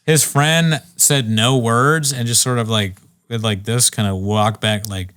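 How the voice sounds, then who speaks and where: A man's voice: medium pitch, steady tone, a little slow, fairly bright tone, clear, resonant tone. Rambling young man telling stories. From Virginia. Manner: rambling storyteller, acts out quoted people. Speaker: podcast co-host. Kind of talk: casual comedy podcast chat.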